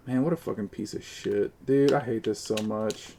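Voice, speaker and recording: A man's voice: lowish voice, normal speed, vocal fry, hardly any pauses, dark tone, a little hiss or hum. A man streaming a game live, arguing with his chat and cursing at his teammates. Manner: profane, combative ranting at chat. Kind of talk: live gaming stream commentary.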